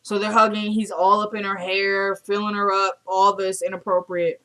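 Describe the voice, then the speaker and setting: A woman's voice: medium pitch, little pitch movement, normal speed, fairly bright tone. A woman at home giving a chatty, casual recap of a TV episode and acting out the characters' lines as she tells it. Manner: chatty storytelling, acts out lines.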